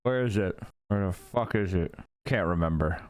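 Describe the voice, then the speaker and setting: A man's voice: deep voice, normal speed, darkish tone. A man streaming live, reacting to clips with blunt, profane, heated commentary.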